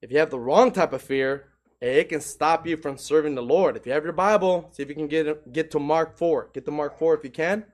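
Preacher, man, high voice, emphatic sermon delivery, rhetorical questions. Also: brisk.

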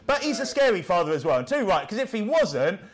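A man's voice: high voice, big pitch swings, fast. A man preaching a sermon, punchy and rhetorical, who keeps checking in with the congregation through tag questions.

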